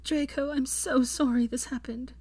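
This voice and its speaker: Woman doing a tender young woman, high, soft, earnest, storybook reading. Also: steady tone, moderate pace, breathy edge, no room sound.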